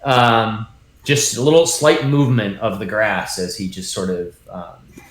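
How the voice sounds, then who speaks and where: A man narrating as dungeon master in a tabletop game, halting, with many ums and restarts. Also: on the low side, fairly even intonation. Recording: roomy echo.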